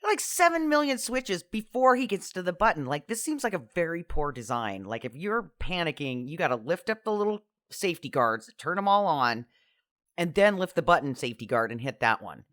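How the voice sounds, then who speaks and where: Lively-voiced speaker, dry close sound. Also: medium pitch, brisk, no echo. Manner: thinks aloud with hedges like "kind of" and "I don't know". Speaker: podcast co-host. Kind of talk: casual chat.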